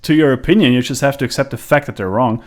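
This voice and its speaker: A man's voice: medium pitch, quick pace, a little mellow. A man in casual stream chat who laughs often and swears casually.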